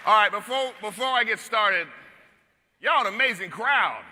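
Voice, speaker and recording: A man with a high voice gives a rousing speech to a live crowd, shouting out lines and leading chants. His voice rings through a big reverberant hall over loud crowd noise. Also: expressive, moderate pace. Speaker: guest speaker at a youth conference. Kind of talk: energetic rally speech.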